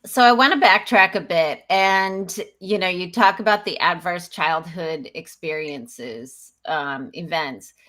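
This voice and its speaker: A woman's voice: fairly low pitch, slow, hardly any pauses, sharp tone. A woman hosting a podcast interview, asking reflective questions. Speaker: podcast host. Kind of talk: interview conversation.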